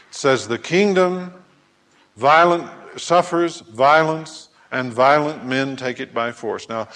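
A man preaching a sermon who acts out scripture scenes in lively voices, at times hollering. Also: mid-range voice. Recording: long hall reverb.

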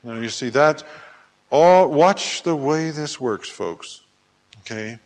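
Unhurried preacher in a reverberant hall. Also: male voice, on the high side. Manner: animated storyteller who acts out scripture voices, sometimes hollering. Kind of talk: sermon.

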